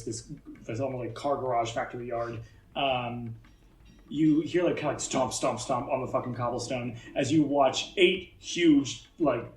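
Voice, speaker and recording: A man narrating as game master of a tabletop game in a loose, filler-heavy way, recorded in an echoey room from a distant mic with faint music. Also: mid-range voice.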